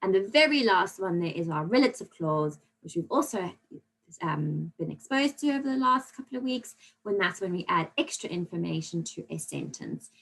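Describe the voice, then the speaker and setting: A woman's voice: on the low side, expressive, normal speed, vocal fry, a bit bright, rough recording. A woman teaching a recorded grammar lesson to children, explaining patiently and checking in often with "okay?". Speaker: primary school teacher.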